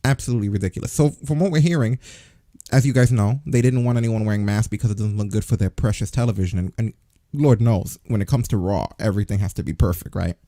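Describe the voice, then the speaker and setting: Male podcast co-host, sarcastic and profane, mellow dark tone, dry close sound. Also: fairly low pitch, fast, dry recording. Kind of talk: casual news chat.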